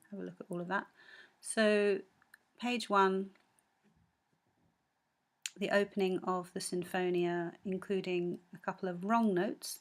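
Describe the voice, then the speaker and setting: A woman with a slightly low voice teaches music, going through a score one bar at a time. She explains patiently, often pausing with "um" and correcting herself mid-sentence, and now and then she sings a few notes of the tune. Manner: frequent ums and self-corrections. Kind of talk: score analysis lesson.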